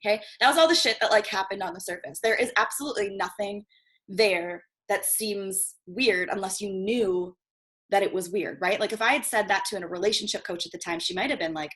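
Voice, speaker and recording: A woman's voice: medium pitch, a little fast, a bit bright. Chatty woman teaching an online workshop. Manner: chatty, swears casually, checks in with "okay?" often. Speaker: guest marketing coach.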